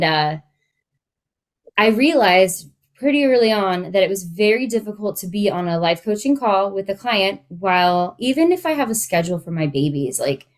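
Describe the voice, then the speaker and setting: Woman life coach in her late 30s, chatty podcast talk, mid pitch, candid. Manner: chatty and candid, many fillers. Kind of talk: casual podcast chat.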